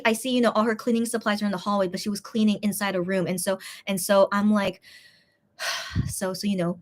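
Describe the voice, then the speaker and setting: A young woman telling a story in a casual, rambling way, with lots of restarts and fillers. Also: medium pitch. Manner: lively, breaks into laughs. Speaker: vlogger.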